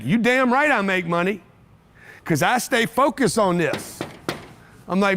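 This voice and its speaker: A man's voice: sits high, expressive, a little slow, long pauses, fairly bright tone, slight background noise. A man giving a brash, punchy motivational talk to a live audience in an event room, hammering home repeated phrases. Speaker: motivational speaker.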